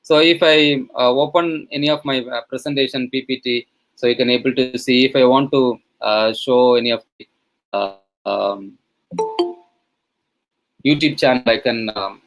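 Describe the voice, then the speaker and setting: A man's voice: mid-range voice, fairly even intonation, moderate pace, faint music behind, poor audio. A man with an Indian English accent, a professor walking through an online teaching tool on a live video call, with many fillers and restarts. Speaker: webinar resource person, professor. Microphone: computer mic on a video call.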